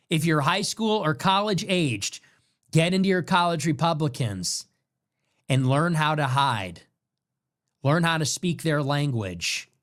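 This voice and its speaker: A man's voice: on the high side, lively intonation, measured pace, pauses often, fairly bright tone. A man hosting a livestream, delivering an emphatic, repetitive, commanding monologue. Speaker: political livestream host. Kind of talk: monologue commentary.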